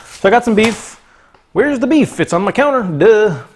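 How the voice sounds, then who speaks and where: A young Florida man with a high, husky, animated voice talks at a moderate pace while hosting a casual cooking livestream from his home kitchen. He jokes around with his chat and reads their names aloud.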